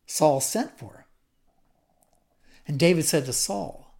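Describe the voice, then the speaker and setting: A woman's voice: deep voice, lively intonation, slow, gravelly, pauses often, warm tone. A woman retelling a Bible story in a chatty teaching style, with asides and repeated words.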